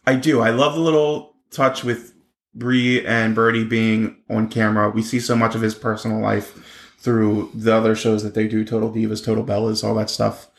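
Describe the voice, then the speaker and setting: A man co-hosting a casual wrestling chat show, animated and quick to break into excited exclamations. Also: vocal fry, roomy sound. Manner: animated, jumps into high-pitched exclamations. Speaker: wrestling podcast co-host.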